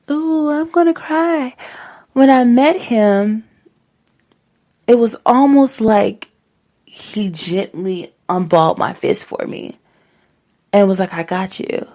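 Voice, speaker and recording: A woman's voice: lowish voice, vocal fry. A young woman hosting a faith-based podcast, speaking heartfelt and encouraging words straight to her listeners in a casual way. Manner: casual, says "like" often. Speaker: podcast host. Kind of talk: faith-based motivational talk.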